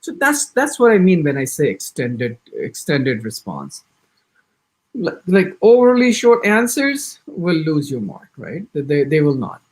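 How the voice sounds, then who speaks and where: In this orientation lecture, an American-accented IELTS instructor speaks in a somewhat high voice with wide swings in pitch. His delivery is animated, coming in rapid bursts full of restarts, and he performs example answers as he goes.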